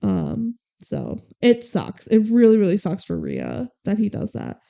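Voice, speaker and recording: Young woman podcast co-host, lively recap, mellow tone, quotes characters as she goes. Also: medium pitch, unhurried, gravelly. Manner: animated retelling, acts out lines. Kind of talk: casual movie recap chat.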